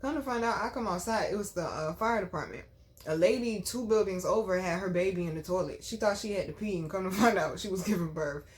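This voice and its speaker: A woman's voice: mid-range voice, quick pace. A woman hosting a vlog, telling a personal story in an emphatic, chatty way, with frequent asides to her viewers. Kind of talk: casual storytelling.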